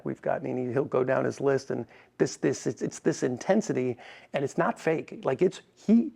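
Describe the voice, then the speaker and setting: Guest voice: male racing executive, lively storyteller, heavy vocal fry. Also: mid-range voice. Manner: animated storyteller, quick restarts and "like". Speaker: racing team president, podcast guest. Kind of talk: conversational interview.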